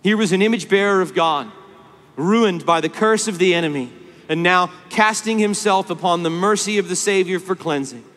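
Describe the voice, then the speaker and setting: A man preaching a sermon at a conference, swinging between hushed tenderness and loud, stirring emphasis. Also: high-pitched, normal speed. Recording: long hall reverb.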